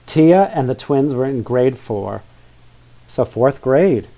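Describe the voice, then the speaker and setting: Reading a children's story slowly and expressively, this man speaks in a dark, mid-range voice. He pauses for chatty asides and questions aimed at the young listeners.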